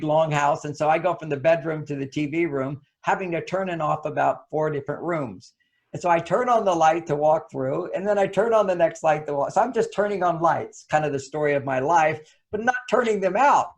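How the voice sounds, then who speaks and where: Male guest author, high-pitched, animated storyteller giving relationship advice. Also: brisk. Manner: animated, acts out quoted lines. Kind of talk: anecdotal advice talk.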